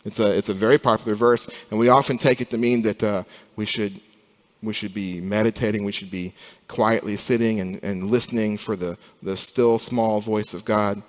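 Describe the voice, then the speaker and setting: A young adult man, a pastor, preaching a sermon, rising from quiet, slow passages to loud emphasis. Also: lowish voice, fairly even intonation, big-room sound.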